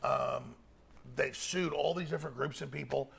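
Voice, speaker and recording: A man's voice: medium pitch, normal speed, vocal fry, a bit bright, breathy edge. A man answering interview questions in a defensive, rambling way and often repeating his words. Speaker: interview guest. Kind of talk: recorded interview.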